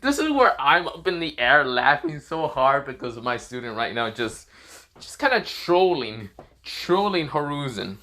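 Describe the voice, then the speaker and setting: A man's voice: mid-range voice, very animated, measured pace, bright, forceful tone. A man improvising a fan-fiction story, rambling with many fillers and slips.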